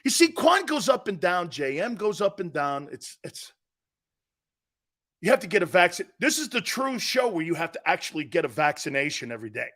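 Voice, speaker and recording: A middle-aged man with an East Coast American accent, hosting a sports talk show in brash, loud, joking banter. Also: high-pitched, very animated, normal speed. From Northeastern United States. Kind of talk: casual live show banter.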